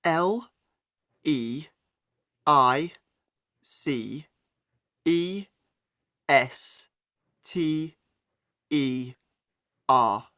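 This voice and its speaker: A woman's voice: low-pitched, extremely slow, long pauses, a bit bright, no echo, studio quality, full character voice. A woman with a British accent playing a teenage girl who gives her details and spells them out letter by letter in a scripted coursebook dialogue. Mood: plain. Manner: plain, spells out letters one by one.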